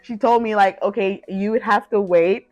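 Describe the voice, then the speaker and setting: A woman's voice: medium pitch, steady tone, normal speed, a little mellow, no echo, soft background music. A woman vlogger telling a personal story in a casual, chatty way, full of fillers and acted-out quotes. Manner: chatty, filler-heavy, acts out quoted lines. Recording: dull lo-fi sound.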